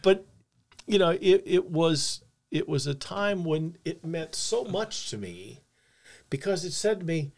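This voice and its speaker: A man's voice: a little high, animated, measured pace, creaky. An older man, earnest and reflective, telling a personal story about faith and loss. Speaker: podcast co-host.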